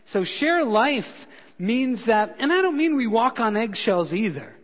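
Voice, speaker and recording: A male pastor preaching a sermon, telling stories with feeling, rising loud for emphasis and dropping soft when he pleads. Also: very high voice, big pitch swings, a little slow. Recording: long hall reverb.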